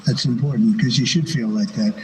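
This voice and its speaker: A man leading a roundtable, speaking off the cuff in halting phrases full of fillers and repeats. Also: medium pitch, fairly even intonation, darkish tone, a little hiss or hum, low-quality recording. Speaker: host of a roundtable. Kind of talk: off-the-cuff remarks.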